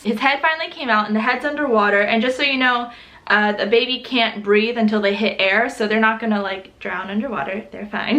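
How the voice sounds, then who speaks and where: A woman's voice: on the high side, a bit bright. A young woman vlogger telling a personal story in a chatty, casual way, laughing often and using lots of fillers.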